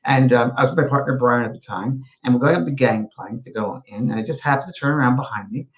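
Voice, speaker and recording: A man's voice: medium pitch, fast, lo-fi sound. A man, a spiritual medium, hosting a casual talk show, telling stories animatedly with frequent restarts. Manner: animated storyteller with many restarts.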